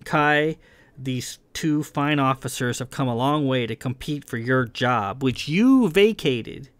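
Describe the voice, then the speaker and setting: A man's voice: medium pitch, expressive, takes it slowly, a bit bright, dry recording. A man playing a patient, firm starship captain.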